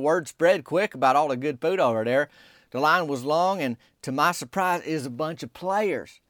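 A man tells a folksy comic tale in a drawling, deadpan manner. His voice sits a touch high for a man. The recording is close and dry, with no room sound. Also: dry recording. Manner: drawling Southern-style rural dialect, deadpan storytelling. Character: small-town softball player telling his tale. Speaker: storyteller.

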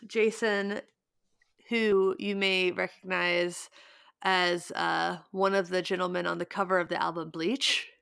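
Brief: young woman, podcast co-host, chatty and rambling, gravelly edge, dry close sound. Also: lowish voice, level tone, measured pace, a bit bright, no room sound. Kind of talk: casual chat.

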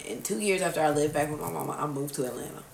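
A woman's voice: low-pitched, racing, gravelly. A woman in her twenties hosting a casual podcast chat, telling a story animatedly with lots of swearing and acted-out outbursts. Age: 20s. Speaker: podcast host. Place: room at a kitchen table. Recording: roomy sound, from far off the mic, faint noise.

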